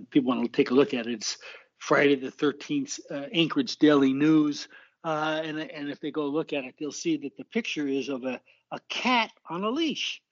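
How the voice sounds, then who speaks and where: On a casual podcast, an Alaskan man who writes a garden column talks in a voice on the high side, rambling and emphatic, circling back to the same points and chuckling at his own jokes. The audio is dull and lo-fi, with no echo.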